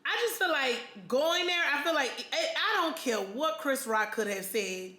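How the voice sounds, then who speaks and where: American woman host, excitable storyteller, high voice, roomy echo. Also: normal speed. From United States. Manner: animated, excitable storyteller with slangy speech. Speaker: mukbang vlog host. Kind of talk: casual chat.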